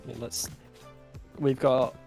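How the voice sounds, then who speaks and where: A man's voice: mid-range voice, flat delivery, takes it slowly, gravelly, a little mellow, soft background music. A man, a guest creator, telling casual stories in a rambling, filler-heavy way. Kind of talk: casual storytelling.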